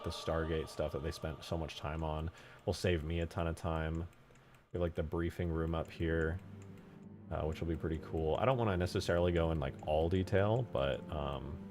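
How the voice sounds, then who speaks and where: A young man hosting a game modding channel, chatting casually and rambling with lots of fillers and frequent laughs. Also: extremely low pitch. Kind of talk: casual chat while modding.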